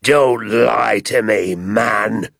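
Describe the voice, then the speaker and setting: A man voicing a furious, pompous rich man who shouts and bellows at his neighbours. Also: fairly low pitch, drawn-out words, creaky, no echo, clean studio sound, heavily acted.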